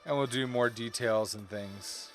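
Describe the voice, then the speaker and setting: Over soft background music, a man with a medium-pitched, slightly bright voice talks unhurriedly through his digital coloring on a live stream. Tired and yawning, he rambles chattily and often corrects himself.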